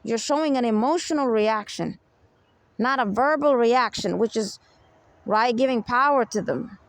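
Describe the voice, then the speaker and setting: Self-help speaker, woman, slightly high and gravelly, emphatic unscripted monologue, dry close sound. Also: normal speed, no echo. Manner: emphatic, keeps asking "you get me?".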